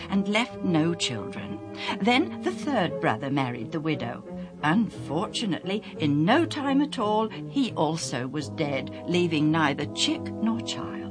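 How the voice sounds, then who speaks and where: A woman's voice: on the low side, pitched above the performer's own voice. A woman voicing a male Sadducee spokesman who poses a trick question in a mock-solemn storybook manner. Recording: music playing underneath.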